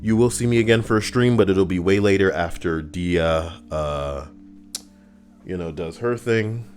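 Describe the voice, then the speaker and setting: A man's voice: deep voice, unhurried, darkish tone, faint music behind. A man streaming live, chatting casually and joking with viewers, rambling and swearing. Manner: rambling, jokey, swears freely.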